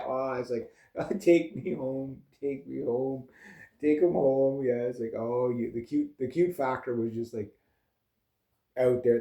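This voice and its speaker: In an echoey room, a man from Canada rambles through farm stories for his vlog, chatting casually. His voice is medium-pitched and dark, with frequent laughter and plenty of filler words.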